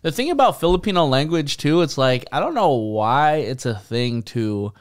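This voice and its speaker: A man's voice: medium pitch, very animated, moderate pace. A young man co-hosting a podcast in casual chat, laid-back and trailing off with fillers, swearing now and then. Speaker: podcast co-host.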